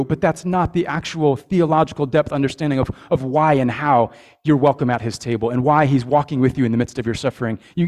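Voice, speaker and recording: A man's voice: a little high, a little mellow. A man, a father with young boys, preaching a communion sermon in an earnest way, often repeating words and checking in with his listeners. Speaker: pastor.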